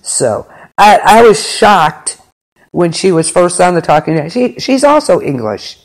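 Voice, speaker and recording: A man's voice: high-pitched, sing-song, measured pace. A man hosting a podcast, recapping a show episode in a rambling, filler-heavy way. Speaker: podcast host. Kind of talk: casual episode recap chat.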